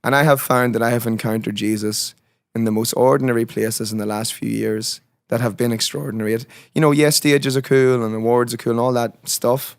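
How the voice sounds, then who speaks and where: A man speaks as a musician guest, mid-pitched and earnest. He talks with heartfelt, preacher-like conviction. The sound is dry and close to the mic. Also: fairly even intonation, fairly quick, gravelly, dry recording. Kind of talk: casual conversational interview.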